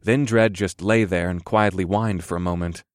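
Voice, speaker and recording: A man narrating a fantasy audiobook in the first person, measured with a wry edge. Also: low-pitched, steady tone, no echo, studio quality.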